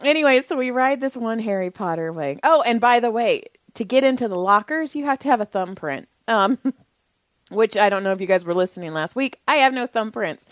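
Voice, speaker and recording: A woman's voice: on the high side, animated, fairly quick, dry recording, low-quality recording. A woman in her thirties co-hosting a podcast, telling a family story in casual chat, laughing often and acting out the voices of the people she quotes. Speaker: podcast co-host.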